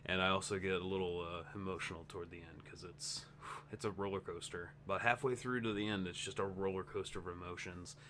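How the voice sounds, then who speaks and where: A man's voice: sits low, steady tone, fast talker, sharp tone, a little hiss or hum. Tired rambling male gaming vlogger. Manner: rambling, self-interrupting, chatty. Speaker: gaming channel host. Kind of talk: casual vlog update.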